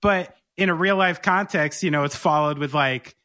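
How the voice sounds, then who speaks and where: High, bright-voiced laid-back man. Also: normal speed. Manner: laid-back, swears casually. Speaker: podcast host. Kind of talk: casual chat.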